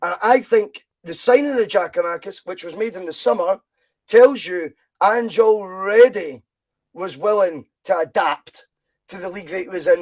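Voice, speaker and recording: A Scottish man with a fairly high voice hosts a casual football podcast. He talks in an animated, opinionated way, pressing his points with real emphasis. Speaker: podcast host.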